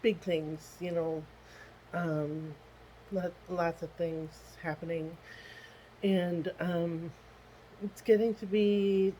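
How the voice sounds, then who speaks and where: Slow, tearful woman's video diary. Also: fairly low pitch, dark tone, slight background noise, poor audio. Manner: halting, with many ums and restarts. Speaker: vlogger.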